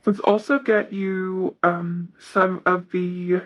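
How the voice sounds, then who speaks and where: A woman giving a casual tarot reading, reading card messages aloud in a soft, hesitant way with many fillers. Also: on the low side, level tone, slow, lo-fi sound. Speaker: tarot reader.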